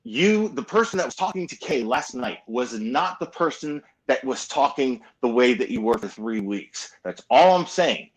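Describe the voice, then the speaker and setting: A man's voice: medium pitch, animated, normal speed, few pauses, low-quality recording. A man in a heated argument on a livestream, insistently repeating his points.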